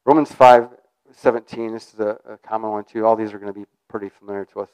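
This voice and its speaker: A man's voice: on the low side, fairly even intonation, quick pace, darkish tone, smooth, no echo, rough recording. A man giving an informal sermon in a conversational, rambling way. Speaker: preacher.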